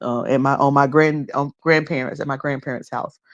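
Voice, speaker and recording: A woman's voice: extremely low pitch, steady tone, brisk, dull audio. Chatty Southern woman streamer, laughing easily. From the Carolinas. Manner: chatty, laughs often, teasing mimicry. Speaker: live streamer. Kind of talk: casual chat with live chat readers.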